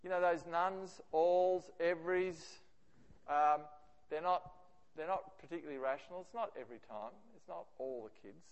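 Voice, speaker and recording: A man with an Australian accent giving a lively, conversational presentation to teachers. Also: on the high side, moderate pace. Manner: animated, acts out quoted remarks. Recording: reverberant hall.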